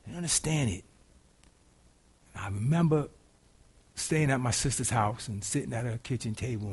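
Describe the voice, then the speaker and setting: A middle-aged man preaching a sermon in a casual, folksy way, moving between loud preaching and quiet, hushed storytelling. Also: medium pitch, normal speed, long pauses, slightly rough. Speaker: pastor.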